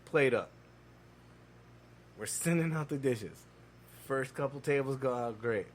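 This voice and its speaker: Profane animated man telling stories. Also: medium pitch, a little slow, a little hiss or hum. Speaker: podcast co-host. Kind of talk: casual chat.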